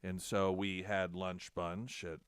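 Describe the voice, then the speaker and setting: A low-pitched man hosts a talk radio show, recorded dry and close in the studio. He tells a story about himself in a chatty, self-mocking way, and he acts out both sides of the conversation. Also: slow, clear, resonant tone, no room sound. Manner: self-deprecating, animated retelling with quoted dialogue. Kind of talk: casual storytelling on air.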